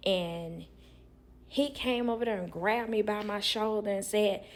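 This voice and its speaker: A young woman who works as a nanny, telling a work story to viewers in a blunt, animated way. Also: mid-range voice, measured pace. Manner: blunt, animated, acts out others' lines.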